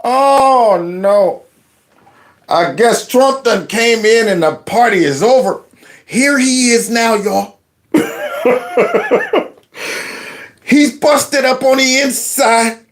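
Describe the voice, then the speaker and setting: A man's voice: extremely high pitch, big pitch swings, very slow, pauses often. A man giving casual, mocking commentary on a video clip. He talks sarcastically and addresses his viewers as y'all.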